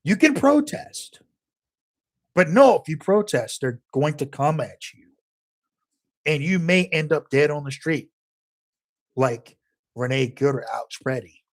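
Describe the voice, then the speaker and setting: A man's voice: fairly high pitch, very animated, unhurried, long pauses. A man delivering a heated, profane political rant as a commentator, emphatic and angry throughout.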